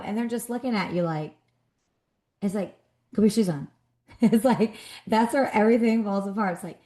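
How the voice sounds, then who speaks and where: A woman in her thirties co-hosting a podcast in casual chat, animated and acting out scolding her kids. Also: medium pitch, moderate pace. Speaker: podcast co-host.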